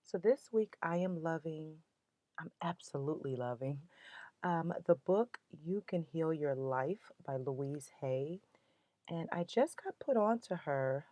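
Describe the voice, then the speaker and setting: A woman with a low voice hosts a motivational podcast. She talks in an earnest, emotional, uplifting way. The sound is dry and close. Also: darkish tone, no echo. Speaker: podcast host.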